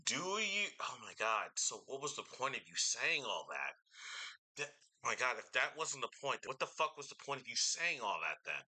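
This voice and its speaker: A man with a medium-pitched voice and big pitch swings talks at normal speed into a studio microphone, reacting to a debate clip. His casual commentary is exasperated, full of swearing and loud outbursts.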